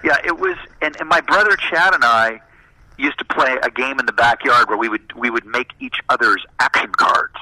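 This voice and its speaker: Man, casual chat, animated storyteller, bright tone, dry close recording. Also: medium pitch, moderate pace, no echo, rough recording. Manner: animated, self-deprecating storyteller.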